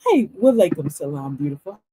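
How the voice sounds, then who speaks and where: Husky, animated older woman hosting a stream. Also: deep voice, no room sound. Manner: animated storyteller, laughs often; slow, emphatic reading of affirmations. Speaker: livestream host. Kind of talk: casual motivational livestream talk.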